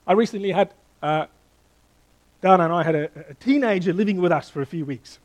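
Middle-aged male pastor, high voice, lively sermon delivery with quick questions to the congregation. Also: poor audio. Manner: animated, playful with the congregation, asking questions.

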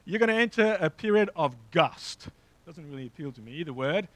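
A man's voice: on the high side, lively intonation, a little fast, no echo, rough recording. A man preaching a sermon in a conversational way, with frequent fillers and asides. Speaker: pastor. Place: church hall with a slideshow.

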